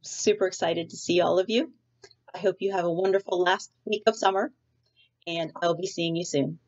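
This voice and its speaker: Husky-voiced woman teacher, friendly and chatty. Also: on the low side, fairly even intonation, normal speed, a little mellow, dull audio. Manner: friendly, chatty, many fillers. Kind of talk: storybook read-aloud for students. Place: home.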